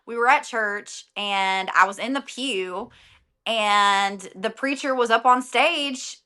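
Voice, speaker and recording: A woman's voice: fairly high pitch, takes it slowly, pushed and bright. A young adult woman, a singer and guest on an interview podcast, talking casually and animatedly, often laughing.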